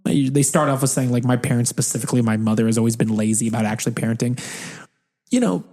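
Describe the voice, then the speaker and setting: A man's voice: mid-range voice, flat delivery, very fast, warm tone. A man in his thirties co-hosting a podcast in casual chat, rambling with restarts and frequent laughs. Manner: rambling, restarts mid-thought, laughs often. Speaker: podcast co-host.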